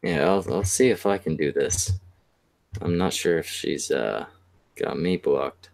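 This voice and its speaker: A man's voice: extremely low pitch, a little slow, creaky, a little mellow, no echo. A man hosting a crude, joking online voice chat, with a lot of hesitant restarts.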